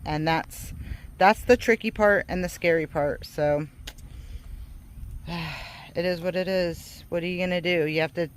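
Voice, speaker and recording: A woman chatting casually to camera while her husband works on the farm, talking warmly about faith and laughing often. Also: on the low side, steady tone, a little slow, pauses often, slight background noise. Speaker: farm vlogger.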